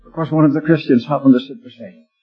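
A man's voice: mid-range voice, fairly even intonation, fast, husky. An older man preaching a sermon, earnest and exhorting, telling homely stories to press his point. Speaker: lay preacher. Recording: dull lo-fi old tape recording.

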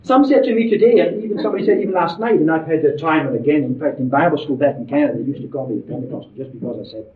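A man's voice: sits high, expressive, quick pace, few pauses, crowd noise. A man preaching a sermon in an emphatic, conversational way, with frequent asides to his listeners. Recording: roomy, distant, dull lo-fi sermon recording.

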